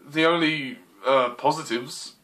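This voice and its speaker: A man's voice: fairly high pitch, measured pace, bright, forceful tone. A young man reviewing a film in a frustrated, exclaiming rant, swearing and apologizing as he goes. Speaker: movie reviewer. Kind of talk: exasperated movie rant.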